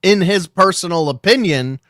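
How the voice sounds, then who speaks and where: A man's voice: high voice, moderate pace, fairly bright tone, no echo, studio quality. A man hosting a casual podcast, musing aloud about news in a conversational, trailing way. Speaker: podcast host.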